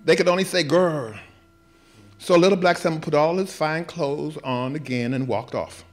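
A man's voice: on the high side, fairly even intonation, fairly quick. A male performing artist reading a children's story aloud at a live gallery event and breaking off for wry, laughing asides.

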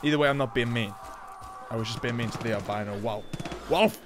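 A young man chatting excitedly through gameplay, joking and laughing at his own lines. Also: medium pitch, a little fast, background noise. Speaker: gaming YouTuber. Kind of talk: casual gameplay commentary.

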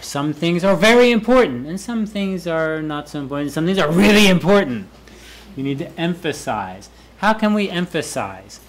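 A fairly high-voiced male professor lecturing a class on presentation skills. He repeats each key word several times, swinging it up and down to show how it should sound. His tone stays playful and energetic. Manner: repeats key words aloud for emphasis, lively and playful. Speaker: university English professor. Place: university classroom.

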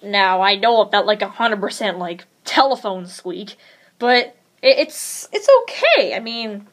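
A woman's voice: medium pitch, a little slow, fairly bright tone. A woman chatting casually in a vlog tutorial, rambling and hesitant with lots of fillers. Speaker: vlogger.

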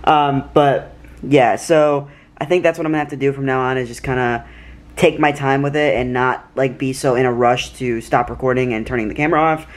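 A man's voice: medium pitch, fairly even intonation, fairly quick. A tired young man vlogging casually at home at night, rambling with lots of fillers and restarts. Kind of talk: casual chat to camera.

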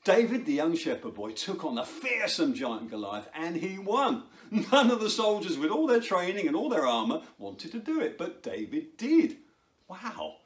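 A man presenting to children in a playful, excitable way, joking and laughing while he juggles. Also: high voice, normal speed. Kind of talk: energetic talk to children.

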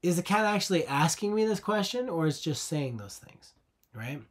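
A man's voice: on the high side, very animated, moderate pace. Man teaching in a screen tutorial. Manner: patient, conversational, asks rhetorical questions.

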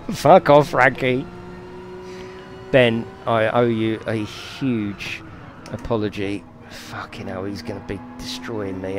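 Sweary man streaming a race. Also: lowish voice. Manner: sweary, apologetic, giggly. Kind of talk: live racing game stream commentary.

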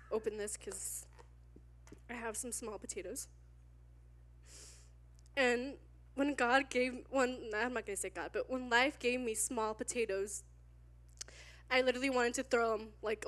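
A woman around twenty, a youth leader, preaching at church, tearful and candid, halting with nervous laughs. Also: on the high side. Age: 20s. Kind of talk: emotional sermon. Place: church sanctuary. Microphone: handheld mic.

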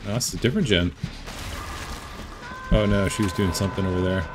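A man giving relaxed, casual commentary while playing a game, muttering asides to himself. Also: low-pitched, fairly quick, over music. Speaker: gameplay commentator.

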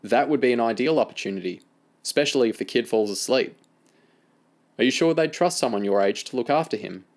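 A man reading the lines of a calm, dry-humoured adult handler, speaking in a steady, level, lightly amused way. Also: medium pitch, brisk, close to an everyday voice.

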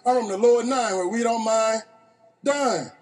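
A man in his fifties from New Orleans, with a New Orleans accent, giving an animated, playful storytelling speech to an audience. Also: very high-pitched, moderate pace. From New Orleans, Louisiana. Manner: animated, playful, laughs at his own stories. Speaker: motivational speaker.

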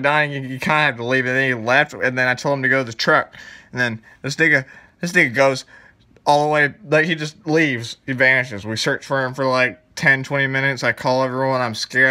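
A young man tells a story in a loose, rambling way, swearing often and piling on filler words. His voice has a mid pitch and a bright, sharp edge. He sounds animated and unpolished, like a casual vlog. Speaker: vlogger telling stories.

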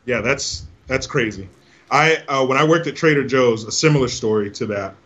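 A man's voice: mid-range voice, normal speed, a bit bright. Easygoing male podcast host, dull sound. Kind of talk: casual chat.

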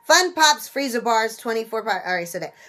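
A woman hosting a casual instructional talk, animated, who acts out little scenes while she explains. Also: fairly high pitch, quick pace. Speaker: penny shopping video host.

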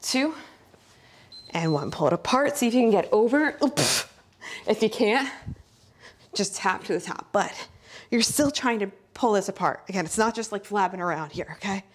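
A breathy, husky-voiced woman coaching a workout at a middle pitch while doing it herself. She is winded from the effort and keeps up upbeat cues and countdowns. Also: lively intonation, normal speed, long pauses. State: out of breath from exercising. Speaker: fitness coach. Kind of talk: follow-along workout instruction. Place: indoors, not outside.

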